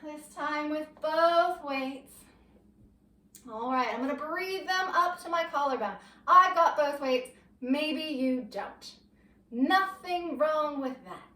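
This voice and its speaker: A woman leading a low-impact workout, giving gentle, encouraging cues and getting winded from the exercise. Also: slow, echoey room, far from the mic, rough recording. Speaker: fitness instructor. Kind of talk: guided workout instruction.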